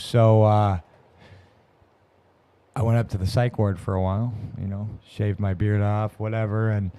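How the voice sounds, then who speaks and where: A man's voice: mid-range voice, a little mellow, clear, resonant tone. A man on a podcast, telling his recovery story in a rambling, profane way, with many restarts. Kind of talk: casual storytelling. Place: podcast room.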